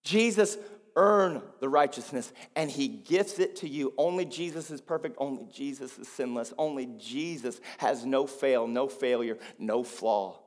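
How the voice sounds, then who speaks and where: A man preaching a sermon as pastor, swinging between quiet, low passages and loud, emphatic ones. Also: unhurried, in a large hall.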